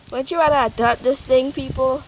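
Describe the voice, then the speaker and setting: A young woman vlogging with a cracking voice, squealy and excitable as she talks to a cat. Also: high voice, a little fast. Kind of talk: casual vlog chat. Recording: loud noisy background.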